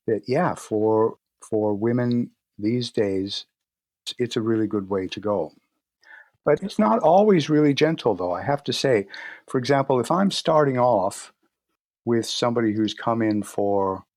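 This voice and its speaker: A man with a lowish voice talks through his work in an easy, storytelling manner. He slips into quick little acted-out exchanges with patients. The sound is dry and close, with no room around it. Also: no room sound. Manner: relaxed storytelling, acts out patient dialogue. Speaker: guest practitioner. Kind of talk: conversational interview.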